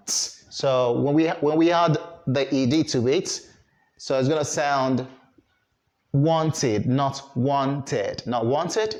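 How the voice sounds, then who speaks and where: A male English teacher taking an online pronunciation lesson at a very unhurried pace. He says each example word slowly and repeats it so learners can copy him. His voice sits at an ordinary middle pitch. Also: darkish tone. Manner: slow and deliberate, repeating words for students to copy.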